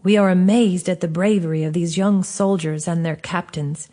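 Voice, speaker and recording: A woman's voice: fairly low pitch, steady tone, moderate pace, warm tone, natural voice. A woman reading as an earnest male worker angel.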